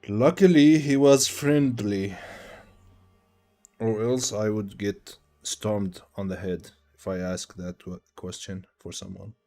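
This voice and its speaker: A man's voice: sits low, fairly even intonation, unhurried, vocal fry, hardly any pauses, dark tone. Profane man streaming. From Tunisia. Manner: loose, profane, rambling storytelling. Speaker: game streamer. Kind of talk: casual livestream chat.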